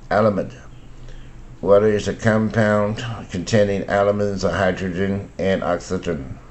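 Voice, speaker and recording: Older man slowly reading English word lists. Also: low-pitched, darkish tone. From Taiwan. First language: Mandarin. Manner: slow, deliberate word-by-word reading. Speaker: English pronunciation teacher. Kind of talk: reading vocabulary words and example sentences.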